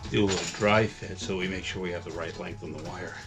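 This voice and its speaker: A man's voice: deep voice, steady tone, fast, creaky, over loud music. A man narrating a home how-to project as he works, casual and rambling with lots of fillers. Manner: rambling, filler-heavy, thinking aloud. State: a bit out of breath at times. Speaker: DIY homeowner vlogger.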